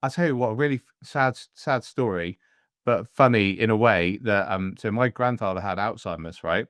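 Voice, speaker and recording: A man's voice: on the low side, moderate pace, a bit bright, no echo, clean studio sound. Jokey rambling male podcast host. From Devon, England. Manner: rambling, jokey, puts on voices in stories. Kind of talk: casual interview chat. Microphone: headphones and studio mic.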